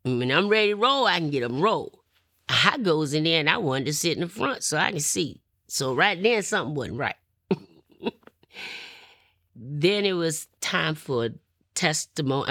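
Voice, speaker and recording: A middle-aged woman, telling her personal testimony in an animated way and acting out what others said. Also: low-pitched, measured pace, no echo, clean studio sound. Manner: animated, acts out quoted voices, laughs often. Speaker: testimony speaker.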